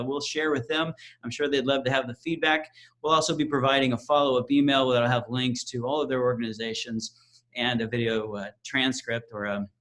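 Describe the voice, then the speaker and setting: A man's voice: mid-range voice, fairly bright tone, poor audio. Man moderating a video-call webinar. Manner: informal, hesitant with fillers and repeated words. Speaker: event moderator. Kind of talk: closing remarks on a webinar.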